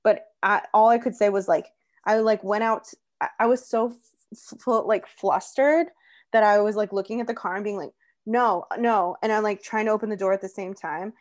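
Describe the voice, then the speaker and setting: A young woman recounts things in a loose, chatty way, full of fillers and quick asides. Her voice sits at an ordinary middle pitch. It feels like an easygoing conversation between friends. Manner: chatty, animated storytelling with many "like"s. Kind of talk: casual chat.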